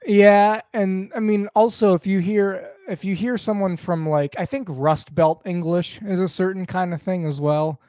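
Rambling higher-voiced podcast co-host, a man. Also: steady tone, normal speed, few pauses, darkish tone, dry recording. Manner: rambling, goes off on tangents. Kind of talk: casual podcast chat.

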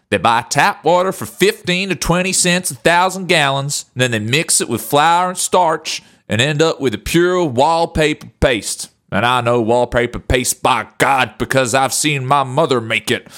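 A man voicing an indignant old man with a Southern US accent, loud and exclaiming. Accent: Southern US (put on). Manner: loud, exclaiming, high-pitched.

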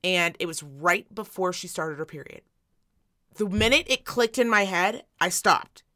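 A middle-aged woman co-hosting a podcast tells a story in casual conversation, swearing freely and animatedly acting out what people said. Her voice sits on the low side and she speaks unhurriedly.

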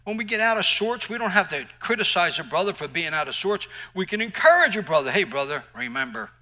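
A man's voice: high voice, big pitch swings, fast talker, pushed and bright, rough recording. A male pastor preaching a sermon in an emphatic, conversational way, mixing scripture with personal stories.

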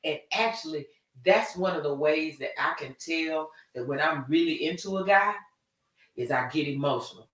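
A talkative woman co-hosts a live show and speaks frankly and animatedly about dating. Her voice sounds bright and forceful. It is picked up from some distance in a roomy, echoing space. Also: low voice, moderate pace. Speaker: co-host of a live talk show. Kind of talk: casual chat about relationships.

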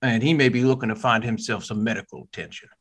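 A man's voice: mid-range voice, fast talker, fairly bright tone, husky. A man playing a hot-tempered Southern father in a tabletop game, with a stammering, folksy drawl and a put-on Southern accent. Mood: agitated. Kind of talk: tabletop role-play.

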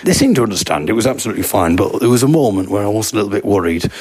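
Male podcast host, husky, rambling self-deprecating raconteur. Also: lowish voice, sing-song, rapid-fire, a little mellow. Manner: rambling, self-deprecating storytelling with vocal sound effects. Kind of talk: comic anecdote.

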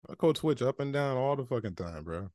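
A man's voice: mid-range voice, expressive, a little fast, dark tone, dry recording, clean studio sound. A man co-hosting a podcast in a laid-back, profane, casual chat, full of filler phrases. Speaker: podcast co-host.

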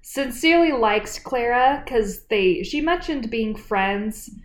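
A woman co-hosting a casual chat, adding quick comments and agreeing with her partner. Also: on the high side, animated, echoey room. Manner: chimes in with quick reactions and laughs. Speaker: podcast co-host.

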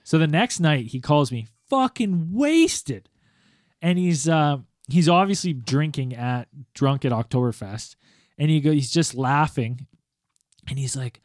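A man's voice: on the high side, expressive, a little slow, darkish tone, no echo, studio quality. A man co-hosting a podcast, telling stories animatedly with swearing, laughter and mimicked voices. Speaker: podcast co-host. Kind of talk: casual podcast banter.

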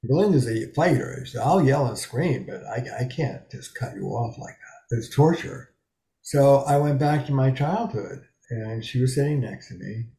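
A man's voice: medium pitch, expressive, moderate pace, vocal fry, dark tone, roomy sound. A man in his seventies, a psychotherapist speaking frankly and emphatically in an interview, from a small bedroom study. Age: 70s. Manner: frank, emphatic, swears freely. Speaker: psychotherapist guest. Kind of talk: candid interview conversation.

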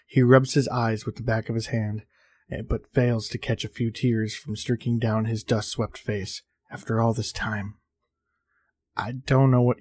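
A man hosting a podcast, narrating a horror story in a measured reading with small slips. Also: medium pitch, darkish tone, dry recording, studio quality.

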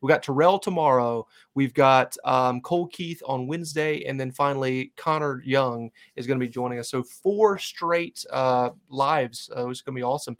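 A man's voice: mid-range voice, moderate pace, few pauses. A man hosting a fan podcast, upbeat, introducing upcoming guests and asking questions. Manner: upbeat, plugs upcoming episodes. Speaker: podcast host.

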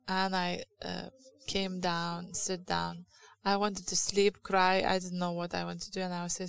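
A woman preaches in English with a Lithuanian accent. Her voice sits low and gravelly, with a fairly flat melody. She speaks candidly and confessionally, pausing and restarting as she goes. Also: low-quality recording. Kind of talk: sermon.

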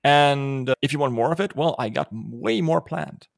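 A man chats on his podcast in a laid-back, joking way and swears freely. His voice sits at an ordinary pitch. The sound is dry and close, with no room around it. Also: normal speed, vocal fry, no echo. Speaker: podcast host and author. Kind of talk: casual podcast chat.

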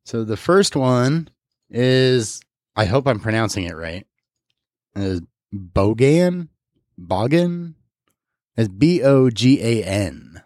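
A man's voice: mid-range voice, lively intonation, slow, darkish tone, dry recording, studio quality. A man hosting a podcast, casually explaining a word-guessing game with easygoing fillers. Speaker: podcast host running a game. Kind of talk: casual chat.

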